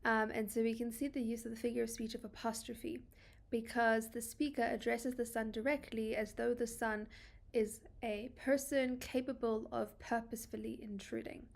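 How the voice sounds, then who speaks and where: A woman's voice: a little high, little pitch movement, moderate pace, gravelly. A woman with a South African accent tutoring English literature, reading poem lines and paraphrasing them casually with many fillers. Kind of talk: poetry analysis lesson.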